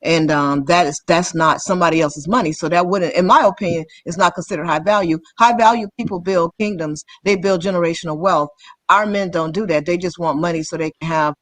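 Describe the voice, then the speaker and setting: A woman on a livestream panel laying out her opinions in a measured, steady way. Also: fairly low pitch, no room sound. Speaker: panel guest. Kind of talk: casual livestream panel chat.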